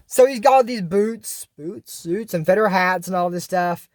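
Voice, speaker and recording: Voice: mid-range voice, normal speed, few pauses, darkish tone, dry recording, studio quality. A YouTuber recapping a cartoon episode in casual commentary, rambling and correcting their own slips.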